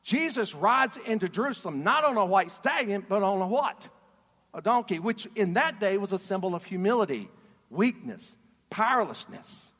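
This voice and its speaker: Man preaching, high lively voice, echoing hall, emphatic. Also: moderate pace, slightly rough. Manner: animated, emphatic, asks the audience questions. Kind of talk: sermon. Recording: reverberant hall.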